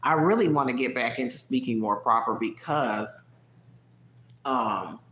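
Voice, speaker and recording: Southern US accent, casual live-stream chat, mid-pitched voice, laughs a lot, pitch jumps up, echoey room. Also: unhurried, a bit bright. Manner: chatty, laughs often, swoops up in pitch. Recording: roomy echo.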